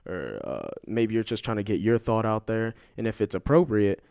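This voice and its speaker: Young male co-host, lowish smooth voice, relaxed halting delivery, dry close mic. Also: no room sound. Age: young adult. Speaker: podcast co-host. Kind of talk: casual chat.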